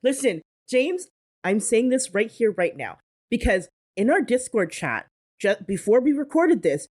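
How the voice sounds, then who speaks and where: A woman's voice: fairly high pitch, big pitch swings, unhurried, a little mellow. A woman co-hosting a podcast in casual chat, emphatic and playfully dramatic. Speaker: podcast co-host.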